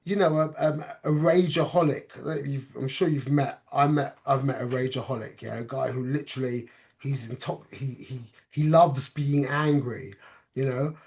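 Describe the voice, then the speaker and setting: A man's voice: mid-range voice, fairly even intonation, moderate pace, creaky, darkish tone. A man teaching an informal spoken class on a religious topic. He talks conversationally, keeps checking in with "yeah?", and mixes Hebrew and Yiddish terms into his English.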